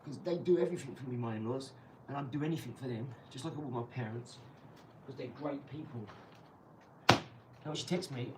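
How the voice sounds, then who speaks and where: A young man streaming live from his garage, mocking and trash-talking a viewer with sudden loud outbursts. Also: medium pitch, normal speed, pauses often, far from the mic, background noise. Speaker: livestreamer. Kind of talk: live stream chat while boxing.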